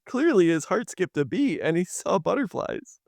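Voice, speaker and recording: A man's voice: high voice, sing-song, normal speed, gravelly, darkish tone, no echo, clean studio sound. A man appearing as a guest expert on a podcast, chatting casually and adding joking asides. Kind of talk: casual recap chat.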